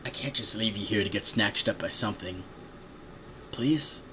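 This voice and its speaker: A man voicing a gentle adult male pegasus in a storybook reading, soft and quiet. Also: lowish voice, normal speed, background noise, natural voice.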